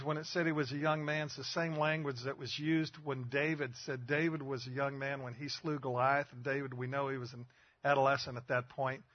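A man's voice: a little high, no echo, lo-fi sound. An older man preaching a sermon in a folksy storytelling manner, asking the listeners questions.

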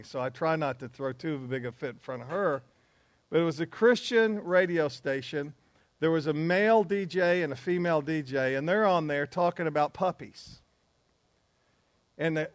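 A man's voice: on the high side, dry recording. A man teaching a men's group in an earnest, emphatic preaching style, with asides along the way.

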